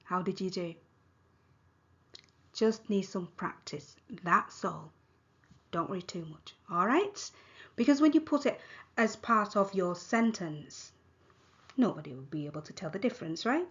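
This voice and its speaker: A woman with a Thai accent teaching a language lesson, modeling words slowly and repeating them for the learner. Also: mid-range voice, sing-song, dull audio. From Thailand. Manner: slow, repeated model pronunciation.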